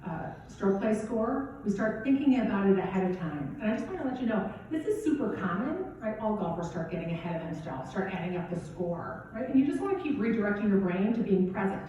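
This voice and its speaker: Middle-aged woman, golf coach, chatty motivational speaker with a relaxed tone, recorded from far off in a big echoing hall. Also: medium pitch, slight background noise. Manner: casual and conversational, often asks "right?". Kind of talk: motivational keynote speech. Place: event hall at a golf championship. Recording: very echoey hall, distant dull mic.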